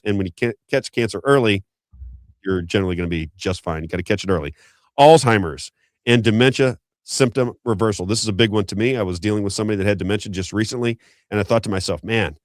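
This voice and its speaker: A man hosting a talk show, reading sponsor plugs and chatting in a quick, folksy way. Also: lowish voice, dry recording, studio quality. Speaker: show host. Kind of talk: unscripted talk-show ad reads and banter.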